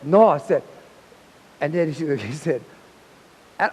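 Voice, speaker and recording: A man's voice: a little high, animated, slow pace, darkish tone, poor audio. A Hawaiian man who teaches hula, telling a story in an interview and acting out the remembered dialogue with animation.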